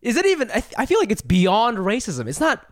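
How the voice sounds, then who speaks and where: A man's voice: high-pitched, huge pitch swings, a little fast, no echo, studio quality. A young man co-hosting a podcast, chatting casually in a crude, joking, rambling way. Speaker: podcast co-host. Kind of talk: casual chat.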